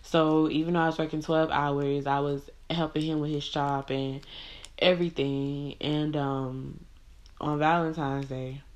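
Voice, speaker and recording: A woman's voice: low-pitched, level tone, measured pace. A woman telling a personal story to the camera in a casual storytime monologue, blunt and profane, with many "like" and "you know" fillers.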